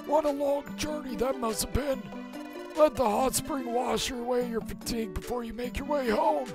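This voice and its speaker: A player voicing a very old, kindly hot-spring creature that speaks in a slow, formal, grandfatherly way in a fan dub of a game. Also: sits high, music in the background, pitched above the performer's own voice.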